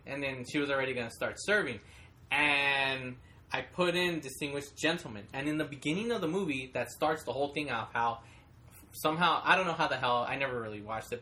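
A young man talks casually with a bright, forward tone. He tells a childhood anecdote in a relaxed chat and briefly acts out the lines he quotes. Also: mid-range voice. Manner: storytelling with animated quoted voices.

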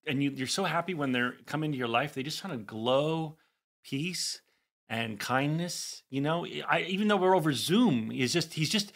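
A man's voice: on the high side, animated, moderate pace, a bit bright. A man co-hosting a podcast in casual chat, rambling and joking, often restarting his sentences. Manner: rambling, self-interrupting, jokey. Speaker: podcast co-host.

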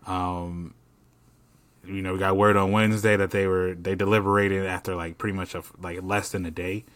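A man co-hosting a podcast in loose, profane casual chat, animated and full of slang. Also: low voice, normal speed. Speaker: podcast co-host.

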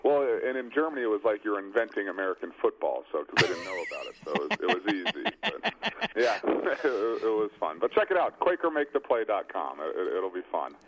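A young man in his twenties, a football quarterback, answering interview questions in a hesitant, halting way. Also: on the low side, very animated. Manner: hesitant, halting, repeats words. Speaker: professional football quarterback guest. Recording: dull lo-fi line with faint noise.

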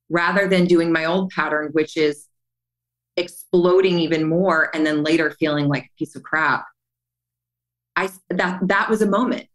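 Animated woman telling her story. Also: sits low, measured pace, long pauses, low-quality recording. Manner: earnest and animated, acts out quotes. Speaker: podcast guest. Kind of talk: candid storytelling conversation.

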